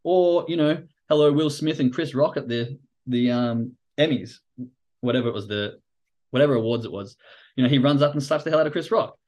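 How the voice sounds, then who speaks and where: A man hosting a livestream, explaining trading psychology in casual, animated talk, acting out quoted reactions and swearing casually. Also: medium pitch, a little fast, lo-fi sound. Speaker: podcast host and trading coach.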